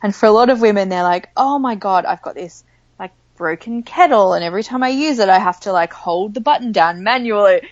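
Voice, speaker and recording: A woman talking as a money coach in a casual chat, telling lively stories and acting out the voices of the people in them. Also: medium pitch, a little fast, no room sound, dull audio. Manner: animated storyteller, acts out quoted voices. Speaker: money coach, podcast guest.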